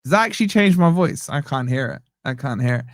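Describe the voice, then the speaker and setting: A man's voice: medium pitch, animated, fast talker, dry recording, studio quality. A young man hosting a live football fan reaction stream, rambling and joking while he interrupts himself. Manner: rambling, self-interrupting, jokey. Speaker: fan channel host.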